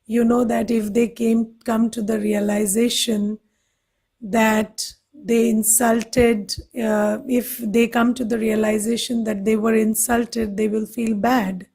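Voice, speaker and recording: A woman with an Indian English accent giving a gentle, questioning meditation lesson. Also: fairly high pitch, little pitch movement, takes it slowly, breathy edge. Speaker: meditation teacher. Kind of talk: spiritual talk to a class.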